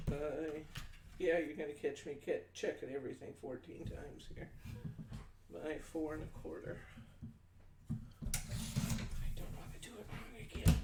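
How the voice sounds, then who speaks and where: A man's voice: a little high, gravelly. A man hosting a live-stream crafting demonstration, chatting folksily with viewers and talking through each measurement step by step. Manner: chatty, folksy, answers viewer comments aloud. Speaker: craft show host. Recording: echoey room, distant mic, faint noise.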